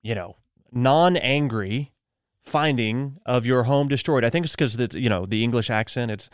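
A man's voice: medium pitch, normal speed, no room sound, clean studio sound. A man hosting a morning show podcast, talking casually and joking through loose asides. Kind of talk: casual solo podcast talk.

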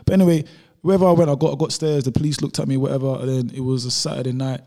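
A man's voice: medium pitch, level tone, very fast, gravelly, dark tone. A man from London, a YouTuber, telling a travel story in casual chat, laid-back and full of slang asides. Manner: laid-back, peppers talk with "bro" and "whatever".

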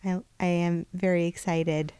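A woman co-hosting a podcast, soft-spoken and playful in casual chat. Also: on the low side, flat delivery, unhurried, smooth, no room sound, studio quality. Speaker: podcast co-host.

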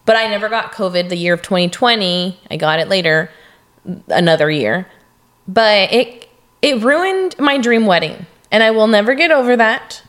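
A woman's voice: mid-range voice, expressive, moderate pace, a bit bright. A young woman co-hosting a podcast, talking casually and working through her thoughts with fillers and follow-up questions. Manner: chatty, asks follow-up questions, talks things through with fillers. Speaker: podcast co-host. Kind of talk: casual chat.

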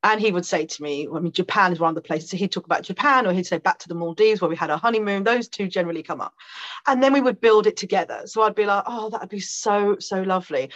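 A woman guest on a podcast telling a personal story in a chatty, animated way, with fillers and quick laughs. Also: on the low side, dull audio. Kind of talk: conversational storytelling.

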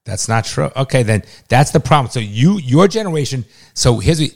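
A middle-aged father argues heatedly with his son in a medium-pitched, very animated voice with vocal fry, at normal speed. Exasperated, he swears and talks over him in this family fight.

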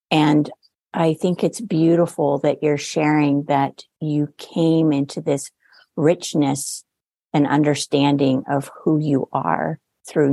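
Low, slow-speaking woman in a dry room. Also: no room sound. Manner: gentle, affirming, measured. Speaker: podcast co-host, nurse coach. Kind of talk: warm reflective podcast conversation.

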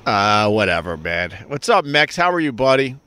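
A man's voice: on the low side, sing-song, moderate pace, bright, forceful tone, clean tone. A middle-aged man with a Long Island accent hosting a live stream, chatting casually in a rambling, joking, profane way. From Long Island, New York.

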